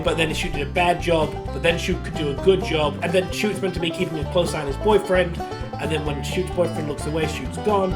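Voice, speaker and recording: A man co-hosting a podcast, giving a sarcastic, laughing recap of an episode in casual chat. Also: fairly high pitch. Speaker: podcast co-host.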